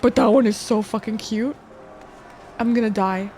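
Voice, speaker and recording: A woman streaming a game, chatting casually with viewers, excitable and swearing a lot. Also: a little high, moderate pace. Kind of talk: casual live-stream chat. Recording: faint music behind.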